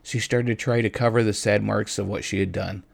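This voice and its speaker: Man reading a story out loud, gentle, kinda low voice, dry close sound. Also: steady tone, fairly quick, vocal fry, dry recording. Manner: gentle, addresses listeners directly. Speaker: reader. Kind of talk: storytelling narration.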